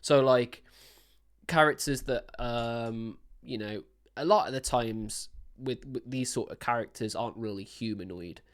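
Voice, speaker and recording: A man's voice: mid-range voice, a little slow. Enthusiastic rambling male music reactor. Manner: enthusiastic, rambling, many restarts and "man". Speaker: music reaction host, singer-songwriter. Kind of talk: casual music reaction commentary. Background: song playing faintly.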